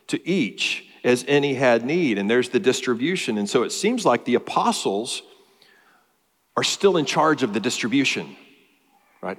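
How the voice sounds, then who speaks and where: A man preaches a sermon as pastor, walking through a passage and building emphasis with rising lists. His voice sits in a middle range. A long hall reverb follows every phrase. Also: medium pitch.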